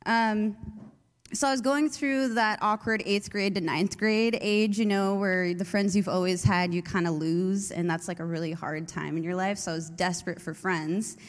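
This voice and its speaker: A woman's voice: mid-range voice, fairly even intonation, normal speed. Young woman sharing testimony in a hall. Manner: chatty, many fillers and likes. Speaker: youth leader giving testimony. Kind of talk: personal testimony talk. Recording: long hall reverb.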